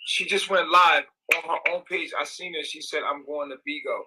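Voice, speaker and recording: A man's voice: fairly high pitch, normal speed, sharp tone, breathy edge, poor audio. Agitated man ranting on a livestream. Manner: agitated, repetitive, profane, emphatic.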